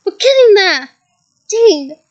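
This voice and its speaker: A confident male teacher , put on by a woman reader, calls out to his class in loud, eager bursts. The voice sits high and keeps an excited push. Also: normal speed, dull audio. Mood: rallying.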